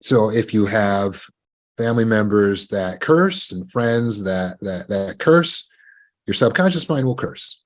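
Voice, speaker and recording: A man giving a measured motivational talk on recovery, often asking the listener rhetorical questions. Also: lowish voice, lively intonation. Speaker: self-help speaker.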